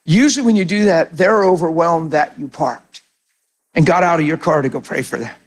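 A man preaching as a pastor, teaching about prayer with earnest, animated storytelling. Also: a little high, moderate pace.

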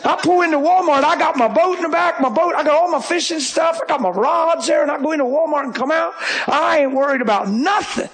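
A man preaching, telling a folksy story in a sermon with rising, emphatic shouts. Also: very high-pitched, fairly quick, few pauses.

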